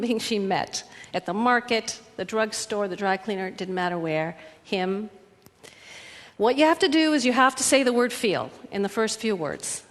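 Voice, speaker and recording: A woman relationship coach giving an earnest, animated talk that acts out little scenes. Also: mid-range voice, big-room sound.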